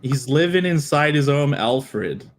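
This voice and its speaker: Excitable rambling man, slightly high. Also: unhurried. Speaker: comic creator, guest. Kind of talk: casual chat on a stream.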